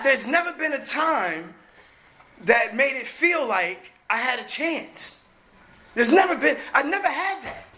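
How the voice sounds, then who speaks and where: A middle-aged man from New Jersey sharing his personal recovery story at a meeting, animated and acting out what people said. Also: high-pitched. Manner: animated storytelling, acts out quotes.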